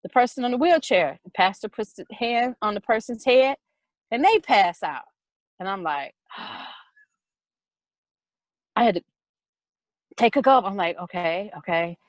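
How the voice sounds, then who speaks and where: Animated woman telling a personal story. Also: a little high, no room sound, rough recording. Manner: animated, quick and repetitive retelling.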